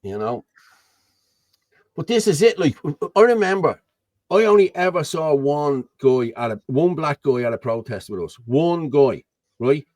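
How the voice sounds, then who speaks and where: A man's voice: fairly high pitch, lively intonation, measured pace, a little mellow, no room sound. A man with an Irish accent hosting a casual chat over a video call, rambling and often asking "you know what I mean". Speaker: host.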